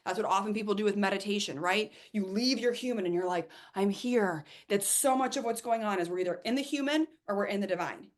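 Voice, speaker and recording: A woman coach giving an emphatic, animated motivational talk, with casual swearing and acted-out asides. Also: medium pitch, fairly quick, hardly any pauses.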